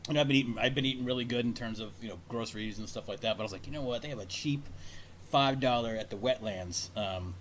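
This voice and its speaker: A man's voice: medium pitch, quick pace, a bit bright. A man hosting a casual talk show, telling a long story in a rambling, profane way. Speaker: radio show host.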